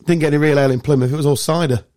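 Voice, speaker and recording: A man hosting a casual podcast, telling sweary, animated stories. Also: fairly high pitch, racing. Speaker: podcast host. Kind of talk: casual chat.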